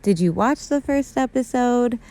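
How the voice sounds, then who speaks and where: Gushing young woman with a mellow voice. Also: a little high, lively intonation, unhurried. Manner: gushing and emotional, heavy use of "like" and "super". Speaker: YouTuber recapping a TV episode. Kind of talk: casual recap chat.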